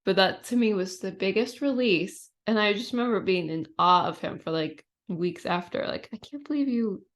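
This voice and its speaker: A woman's voice: medium pitch, moderate pace, fairly bright tone. A woman guest on a podcast, telling a personal story in a reflective, casual way, full of "like" and "you know.".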